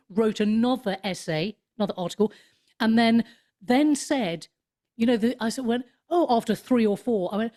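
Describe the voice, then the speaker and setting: A woman in her fifties, a comedian and author, chatting in an interview in a rambling, animated way with many restarts. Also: on the high side, normal speed. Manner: animated storyteller, swoops up into mock voices. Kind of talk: casual interview chat.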